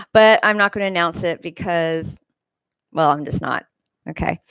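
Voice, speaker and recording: A woman's voice: clean tone, no echo, rough recording. A woman hosting her own show, telling a long story in a casual, rambling way, with lots of fillers and restarts. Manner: mimics people in high squeals. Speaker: host. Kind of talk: casual monologue.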